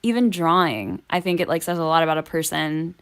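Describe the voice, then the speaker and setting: A woman's voice: low-pitched, animated, brisk, a bit bright, clear, resonant tone. An American woman, a guest singer-songwriter, chatting casually and rambling with many fillers over a video call.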